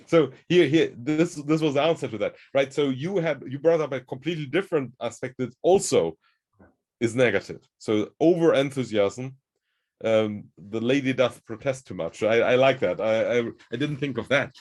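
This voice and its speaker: A man's voice: medium pitch, normal speed, a little mellow. A man hosting a conversation, explaining ideas in a thoughtful, searching way. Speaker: host. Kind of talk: conversational discussion.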